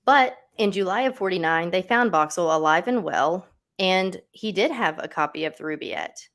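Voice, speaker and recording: A woman hosts a casual true-crime livestream, her voice a bit low. She talks in a loose, conversational way, full of fillers and asides to her co-host. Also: animated, moderate pace, fairly bright tone.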